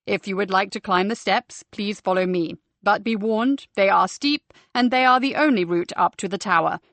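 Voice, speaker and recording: Woman voicing a theatrical male tour guide, audiobook, fussy, slow showy delivery, dry close sound. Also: medium pitch, fairly bright tone, no room sound, natural voice. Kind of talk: audiobook character voice.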